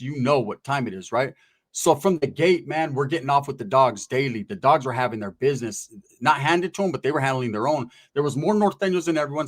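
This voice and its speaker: A man casually telling prison stories in profane, streetwise slang, acting out the voices of people he quotes. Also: mid-range voice. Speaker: guest recounting prison stories. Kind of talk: casual storytelling.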